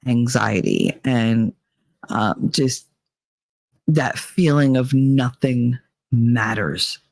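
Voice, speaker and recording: A man's voice: mid-range voice, no room sound. A man hosting a casual livestream, talking bluntly and with frequent swearing as he reads the chat. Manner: blunt, profane, emotionally candid. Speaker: livestream host reading chat.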